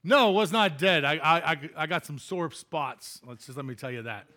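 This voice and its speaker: A man's voice: on the high side, normal speed, bright, forceful tone. A man preaching as a pastor, telling a funny personal story in a chatty way and laughing at himself before turning to scripture.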